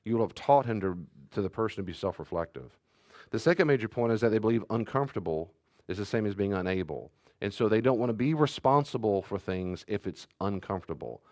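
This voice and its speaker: Animated man preaching, low voice. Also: fast, no echo, studio quality. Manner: animated storytelling, acting out child and parent voices. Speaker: pastor. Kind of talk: teaching talk on parenting and boundaries.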